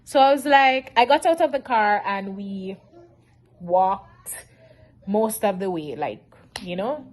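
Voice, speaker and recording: A woman, telling a storytime vlog in an animated, emotional way. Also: medium pitch, slow pace. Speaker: vlogger.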